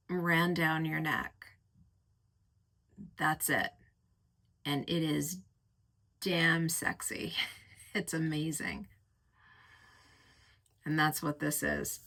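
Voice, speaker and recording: A fragrance reviewer with a low-set yet bright, forceful, gravelly voice chats about perfumes at an unhurried pace. She lingers on each word and gushes over the scents in vivid, sensual imagery, letting every phrase land.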